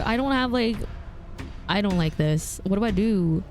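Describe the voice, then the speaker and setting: A woman's voice: mid-range voice, expressive, unhurried, soft background music. A woman streaming a story game, chatting casually and thinking aloud in a flustered way.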